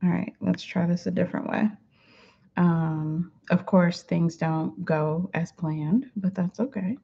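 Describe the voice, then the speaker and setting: A middle-aged woman talks to camera from home in a low, gravelly, husky voice, warm-hearted and chatty, leaning on fillers as she goes. The recording is dull and lo-fi. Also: fairly even intonation, slow. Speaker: host of a weekly affirmation show. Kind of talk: casual talk to camera. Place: home room.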